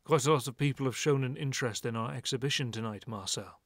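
A man voicing a tall, stern middle-aged collector with a strong German accent, speaking low, cool and restrained. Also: quick pace, no echo, studio quality, close to an everyday voice. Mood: cold, polite. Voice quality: sharp.

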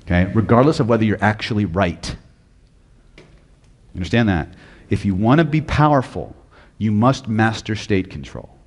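A man's voice: on the low side, expressive, normal speed, in a large hall. A man teaching hypnosis at a live seminar, blunt and profane, often quizzing the audience. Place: lecture hall with audience.

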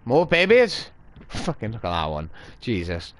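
A man's voice: lowish voice, wildly swooping pitch, measured pace, a little hiss or hum. A man commentating a horror game, jumpy and swearing a lot with nervous yelps and laughs. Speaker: gaming video host. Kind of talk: let's play commentary.

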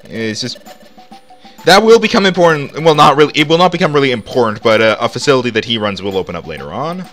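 A man talks through a video game in loose, rambling commentary full of fillers. His voice swings up and down a lot and has a bright edge. Game music plays faintly underneath. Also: medium pitch, expressive, quick pace. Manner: rambling, chatty, lots of "like" fillers. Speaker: let's play host. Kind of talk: casual gameplay commentary.

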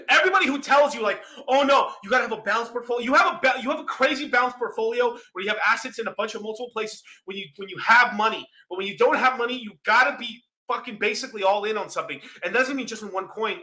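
Loud, bright-voiced ranting young man. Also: sits high. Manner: heated, swearing constantly, often shouting. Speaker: crypto channel host. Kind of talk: profane ranting monologue.

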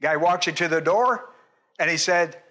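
A man's voice: a little high, normal speed, sharp tone. An older man, a pastor, teaching a Bible sermon in an emphatic, repetitive way and putting questions to his congregation.

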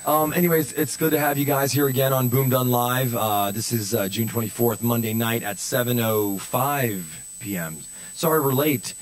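A man's voice: mid-range voice, moderate pace. A young man from Maryland hosting a casual comedic chat show, rambling and playful. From Maryland, USA. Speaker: host.

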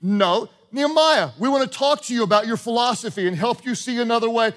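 A man preaching a sermon as pastor, animated, acting out short exchanges and repeating his points. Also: extremely high pitch, fairly quick, few pauses. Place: church auditorium with congregation.

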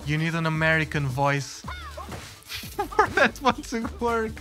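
A chatty British man commentates his gameplay live, his voice rising and swooping as he reacts. His pitch sits a touch high for a man. Game music plays clearly behind him. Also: slow pace. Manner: chatty, excitable, greets chat and reacts loudly. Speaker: streamer.

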